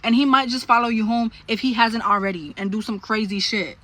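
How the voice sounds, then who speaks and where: A woman telling a story to camera in a blunt, profane, animated way. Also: on the high side, fairly quick.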